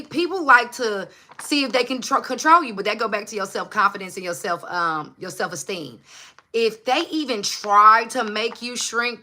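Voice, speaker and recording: A bright, forceful woman talks into her phone at home in a casual livestream pep talk. She is passionate and emphatic, drives points home by repeating them, and swears freely. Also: medium pitch, slight background noise. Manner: emphatic and repetitive. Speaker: motivational channel host. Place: at home under a hot light.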